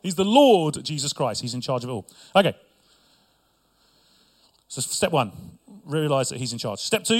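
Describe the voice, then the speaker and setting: A man's voice: fairly high pitch, sing-song, moderate pace, long pauses. A middle-aged male pastor preaching a sermon with humor and asides to his congregation.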